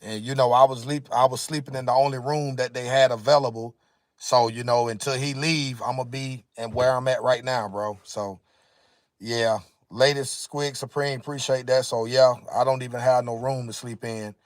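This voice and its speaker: A man's voice: mid-range voice, steady tone, normal speed, no room sound. A tired, tearful man talking casually to viewers on a livestream from inside his car, worn out and weary. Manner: tired, weary slang-heavy talk. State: exhausted, tearful.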